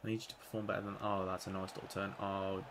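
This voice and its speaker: A young man commentating live on his own football video game, excitable, swinging from muttering to loud outbursts. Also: low-pitched, quick pace, background noise. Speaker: gaming YouTuber playing career mode.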